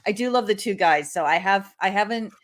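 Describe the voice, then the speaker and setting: A woman co-hosting a casual chat about dramas, talking in a relaxed, chatty way and laughing easily. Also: medium pitch, brisk. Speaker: co-host.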